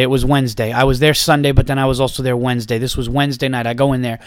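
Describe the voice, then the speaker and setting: A man's voice: mid-range voice, little pitch movement, quick pace, clean tone, dry recording, clean studio sound. A man hosting a podcast, telling a rambling, profane story in a casual monologue full of restarts. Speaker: podcast host and stand-up comedian.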